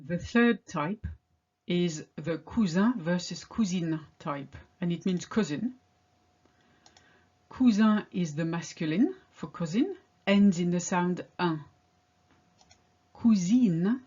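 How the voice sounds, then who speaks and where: A woman teaching a pronunciation lesson, drilling example words one at a time with slow, careful delivery. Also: lowish voice, a little mellow, highs cut off. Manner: slow, deliberate word-by-word drilling. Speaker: French teacher.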